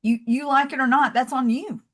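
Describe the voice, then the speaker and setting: Lively Southern woman, slightly high voice. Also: brisk. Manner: animated storyteller, many "you know" fillers. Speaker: podcast guest. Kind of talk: casual interview chat.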